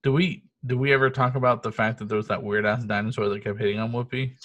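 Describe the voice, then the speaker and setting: A man's voice: medium pitch, fairly even intonation, quick pace, a bit bright, muffled recording. A man co-hosting a podcast, chatting casually and profanely about a movie, laughing and telling stories with animation. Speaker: podcast co-host. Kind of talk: casual chat reviewing a movie.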